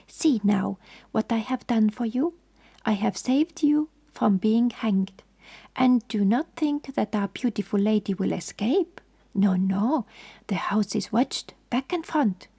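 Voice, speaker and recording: A woman's voice: medium pitch, a little slow, vocal fry, warm tone, husky. A woman voicing a fussy, precise older male detective in a whispered role-play, formal and mildly reproving. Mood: suave.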